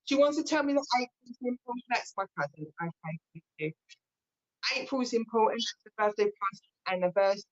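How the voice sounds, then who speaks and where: A British woman working as a medium, giving a live reading in a gentle, reassuring way that often restarts mid-sentence. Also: medium pitch. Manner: gentle and reassuring, relays messages with frequent restarts. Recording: slightly dull lo-fi sound.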